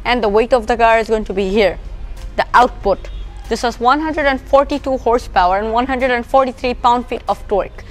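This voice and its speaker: A woman's voice: on the high side, a little fast, faint music behind. A woman with a Bangladeshi English accent giving a casual walkaround car review outdoors, explaining features as she points them out, her voice drifting from the camera mic as she moves. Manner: chatty, explanatory, points things out as she goes. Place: outdoors beside a parked car.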